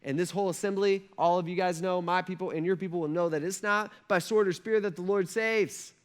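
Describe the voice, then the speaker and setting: A man's voice: high-pitched, steady tone, fairly quick, clear, resonant tone. A male pastor preaching a sermon, telling a story with energy and acting out the characters' lines in casual speech.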